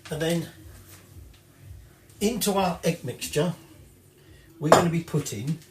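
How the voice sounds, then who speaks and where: Dishes clatter in an echoey home kitchen as a man with a somewhat high voice slowly demonstrates a recipe over heavy background noise. He is a home cook who chats and rambles, corrects himself and swears casually.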